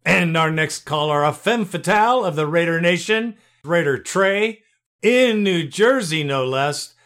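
A man's voice: on the high side, animated, measured pace, a bit bright. A man hosting a sports call-in podcast, easygoing and chuckling between thoughts. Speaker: podcast host. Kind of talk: casual sports talk hosting.

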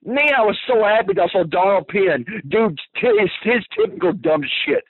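A man's voice: sits high, lively intonation, normal speed, slightly rough, no echo. A man calling in to a fan radio show, ranting furiously with constant profanity. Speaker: caller. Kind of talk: angry fan rant over the phone. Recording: tinny phone line, dry.

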